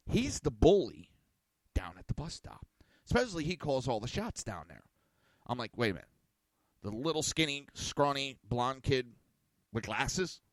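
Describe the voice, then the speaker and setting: A man's voice: mid-range voice, moderate pace, long pauses, dry recording. A middle-aged man hosting a podcast, telling family stories in a blunt, crude, casual way and acting out what people said. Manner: blunt, crude, animated storyteller acting out quotes. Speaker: podcast host. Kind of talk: casual storytelling monologue.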